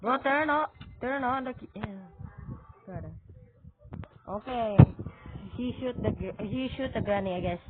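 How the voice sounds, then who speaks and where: A woman narrates her own gameplay in an unhurried drawl, breaking into loud frightened yelps. She comes through a thin, phone-like mic with a steady hiss of noise behind her. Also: a little high. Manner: loud, jumpy, frequent scared shrieks and exclamations. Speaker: gamer. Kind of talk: excited let's-play commentary.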